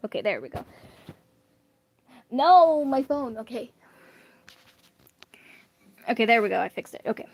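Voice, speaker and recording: A woman's voice: a little high, darkish tone. A woman reading online fan fiction aloud in a casual, chatty way, often stumbling and correcting herself. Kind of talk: casual read-aloud with asides.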